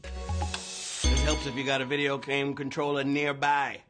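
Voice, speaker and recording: A man hosting a live trivia game show, energetic and playful, talking slangy to the players. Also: medium pitch, measured pace, soft background music. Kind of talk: hyped livestream hosting.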